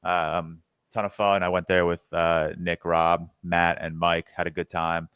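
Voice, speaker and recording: A young man with a very low voice chats loosely on a podcast, wandering through his week with lots of ums and false starts. The sound is dry and close to the mic. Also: level tone, a little slow, a bit bright, clear, resonant tone, no room sound. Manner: rambling, filler-heavy, restarts often. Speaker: podcast co-host. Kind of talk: casual chat.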